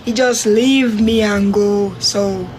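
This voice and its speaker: A Jamaican woman telling a personal story in a casual way, acting out her own quotes with big jumps in pitch. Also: fairly even intonation, slow pace, a little mellow, slight background noise.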